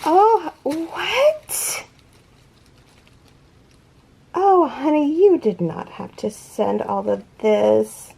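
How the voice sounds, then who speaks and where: A woman's voice: fairly high pitch, very animated, takes it slowly, gravelly, warm tone, breathy edge. A woman hosting a crochet unboxing vlog, gushing and awed, gasping and close to tears. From California. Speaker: crochet channel host.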